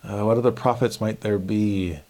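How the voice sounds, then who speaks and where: A man giving a casual scripture lesson, animated and acting out the dialogue in quick voices. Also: fairly low pitch. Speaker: scripture teacher.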